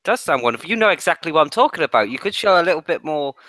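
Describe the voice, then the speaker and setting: A man's voice: fairly high pitch, big pitch swings, rapid-fire, bright, forceful tone, dry recording. A man co-hosting a podcast, chatty and teasing as he hints at news. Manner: chatty, teasing, building up an announcement. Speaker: podcast co-host. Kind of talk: casual podcast chat.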